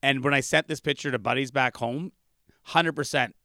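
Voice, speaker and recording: A man's voice: medium pitch, normal speed, sharp tone, no echo, clean studio sound. A man, a comedian telling a rambling road story in casual chat, full of restarts. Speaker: comedian guest.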